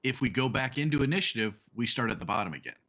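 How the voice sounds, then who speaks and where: Brief: mid-pitched, animated male player who jumps in quickly. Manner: eager, interjecting quickly. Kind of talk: tabletop game talk.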